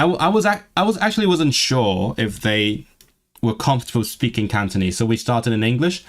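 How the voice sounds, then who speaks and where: A young man chatting casually on a livestream, talking things over as he goes, often restarting words and reading lesson text aloud. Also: mid-range voice. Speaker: streamer studying a language.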